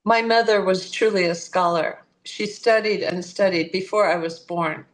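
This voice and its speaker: A woman's voice: on the low side, moderate pace. An older American woman, an astrologer guest, telling family stories and acting out the voices of the people in them. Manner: animated, acts out voices in her stories. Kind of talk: conversational storytelling.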